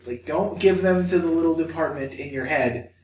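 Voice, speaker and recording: A man's voice: on the high side, moderate pace, darkish tone, slight background noise. A man co-hosting a podcast, telling a personal story with swearing and acted-out inner voices. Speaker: podcast co-host. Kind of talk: candid podcast chat. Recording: echoey room, mic at a distance.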